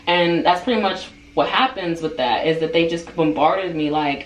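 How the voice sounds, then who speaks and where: A woman's voice: moderate pace, hardly any pauses. Female vlogger, chatty storyteller heavy on fillers, recorded at a distance with faint hiss. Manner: animated, rising to high-pitched outbursts when retelling anger; frequent "like" and "um" fillers. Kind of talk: casual storytelling. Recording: roomy echo, distant mic, faint background hiss.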